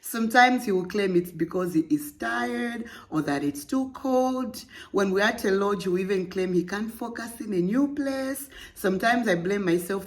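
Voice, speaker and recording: A young woman hosting a podcast, reading a listener's story aloud and breaking off with playful, laughing, teasing asides. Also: medium pitch. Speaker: podcast host.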